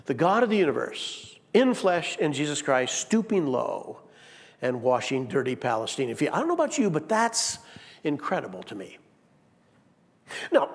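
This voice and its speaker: A man preaching a sermon in a church, animated and playful, acting out quotes with big swings in his voice. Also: high voice. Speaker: pastor. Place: church sanctuary. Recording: long reverb of a church hall.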